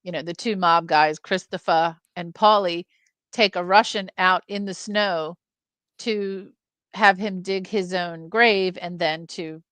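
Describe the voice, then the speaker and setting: A woman's voice: fairly low pitch, steady tone, slow, a bit bright, smooth, no room sound. Casting: woman in casual film-club chat, storyteller, dry close mic. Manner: tells anecdotes, throws in character voices. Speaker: film review co-host.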